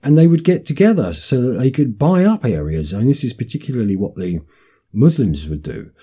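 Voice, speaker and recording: A man's voice: mid-range voice, big pitch swings, brisk, warm tone, slightly rough. A man delivering an emphatic, insistent monologue with frequent restarts. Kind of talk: political monologue.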